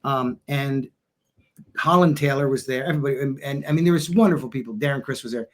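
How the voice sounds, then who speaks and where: A man's voice: medium pitch, fast. A man from Westchester with a New York accent, telling stories as an interview guest. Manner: animated storyteller, acts out quotes. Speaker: guest, actor and writer. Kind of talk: interview chat.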